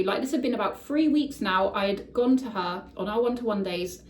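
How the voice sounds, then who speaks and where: A woman's voice: medium pitch, fairly quick, hardly any pauses, a little mellow. A woman telling a personal story in a candid, emotional way, swearing casually, as the host of her show. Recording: echoey room, voice somewhat far from mic.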